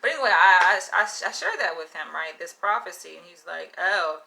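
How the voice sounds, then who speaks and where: A woman's voice: lowish voice, very animated, a little fast, creaky, pushed and bright, rough recording. A woman hosting a casual livestream monologue, talking frankly and emphatically, with profanity and frequent laughs. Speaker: livestream host.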